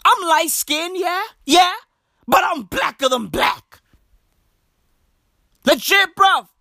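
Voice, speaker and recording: A high-voiced woman from Africa rants in a comedic monologue, leaning on swear words and slang for emphasis. Her pitch leaps and dives with every punchline. The sound is dry and close, with no room echo. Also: animated, takes it slowly, gravelly, sharp tone. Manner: profane, emphatic, slangy, repeats "bruv" and "broski".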